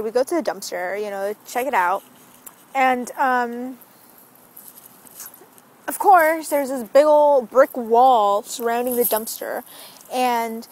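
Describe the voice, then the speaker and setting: High, chatty young woman vlogging outdoors. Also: a little hiss or hum. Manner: chatty, animated retelling with lots of "like". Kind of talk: casual storytelling vlog. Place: outdoors on a street.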